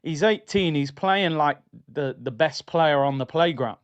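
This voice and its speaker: A man hosting a casual football talk stream, chatty and excitable, full of slang, talking straight to his viewers. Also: fairly high pitch, unhurried, smooth, no echo, highs cut off. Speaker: football channel host.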